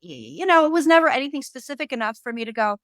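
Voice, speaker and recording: Female guest, medium, fairly high voice, animated storyteller who voices the people she quotes; dry sound. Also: rapid-fire, no room sound. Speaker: guest medium and tarot reader. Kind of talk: casual storytelling.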